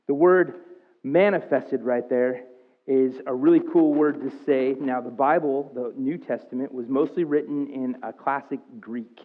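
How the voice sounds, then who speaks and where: A man preaching a sermon to his church, talking conversationally and rising in pitch and volume as he gets excited. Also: unhurried. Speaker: pastor. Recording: tinny phone-like sound.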